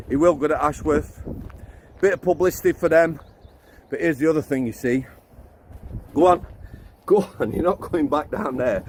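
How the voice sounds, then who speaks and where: A middle-aged man gives a blunt, ranting vlog, his voice sitting fairly high for a man. He talks into a phone while walking his dog outdoors. Faint outdoor noise runs underneath. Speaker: former prison officer vlogger.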